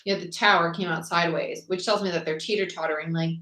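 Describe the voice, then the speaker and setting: Chatty tarot reader, low and echoey. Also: female voice, fairly bright tone. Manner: chatty, quick, lists cards aloud. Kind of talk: live tarot reading. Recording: echoey room with faint noise.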